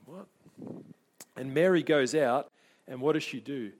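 A man's voice: mid-range voice, moderate pace, a little hiss or hum. A man preaching a sermon to his congregation, earnest and conversational, often repeating words as he restarts. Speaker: pastor.

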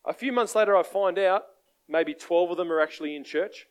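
Animated Australian preacher man, higher-pitched. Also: a little fast, smooth. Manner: animated, conversational, asks the crowd for amens. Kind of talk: sermon with storytelling.

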